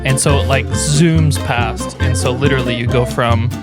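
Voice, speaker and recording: A man co-hosting a casual podcast, explaining things in a chatty, matter-of-fact way. His voice is an ordinary middle pitch. Loud guitar music plays underneath him. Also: steady tone, normal speed. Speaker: podcast co-host. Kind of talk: casual chat.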